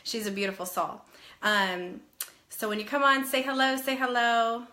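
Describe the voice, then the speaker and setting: A woman in her thirties chats casually on a live stream and greets viewers one by one by name. Her voice is bright and forward, and it is a little nasal and breathless from a passing cold. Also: on the high side, normal speed.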